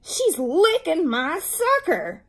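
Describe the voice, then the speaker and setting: A woman voicing a loud, indignant young schoolboy complaining in a read-aloud storybook. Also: extremely high pitch, huge pitch swings, normal speed, voice pushed up, exaggerated voice.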